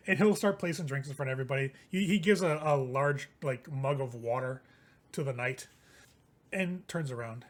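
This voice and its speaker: A man narrating a tabletop game as game master, relaxed and laughing. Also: mid-range voice, normal speed.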